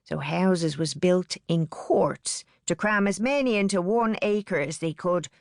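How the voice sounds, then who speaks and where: A woman narrating an audiobook in a measured storytelling manner. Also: lowish voice, no echo, clean studio sound.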